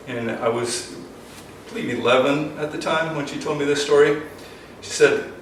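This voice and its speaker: A man's voice: fairly high pitch, little pitch movement, moderate pace. An older man, a self-defense instructor, talking earnestly and emotionally in a rambling way full of ums. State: emotional, choked up. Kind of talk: casual instructional talk to camera. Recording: very echoey, distant from the mic, faint noise.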